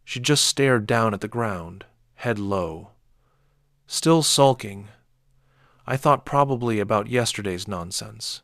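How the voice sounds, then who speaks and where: A man narrating a first-person horror story in a measured, dark way. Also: on the low side, gravelly, no echo, studio quality.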